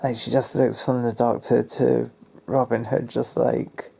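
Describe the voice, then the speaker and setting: A man's voice: mid-range voice, flat delivery, unhurried, creaky, mellow, husky. A man giving casual, playful commentary on a TV episode, spinning fan theories and acting out characters' lines.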